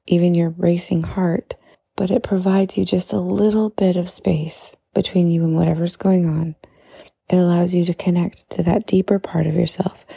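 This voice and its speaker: A woman hosting a podcast, talking casually and then leading a calm, soft-spoken guided breathing meditation with slow pauses. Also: lowish voice, gravelly, husky, no echo, studio quality.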